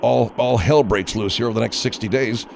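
A man's voice: medium pitch, fairly quick, vocal fry, slight background noise. A man hosting a comedic talk radio show, who sounds exasperated and insistent as he banters. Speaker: radio host and entertainer.

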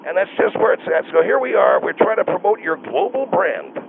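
A sarcastic man phoning in, needling the host with comic banter. His high, gravelly voice swings widely in pitch and comes through a tinny phone line. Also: sing-song, a little fast, a crowd in the background. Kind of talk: comedic talk radio banter.

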